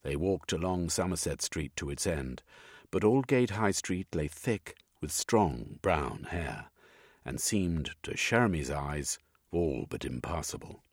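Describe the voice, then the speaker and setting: Brief: deep, husky male audiobook narrator with lively intonation and a dry recording. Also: a little slow, no room sound. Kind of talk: scripted narration.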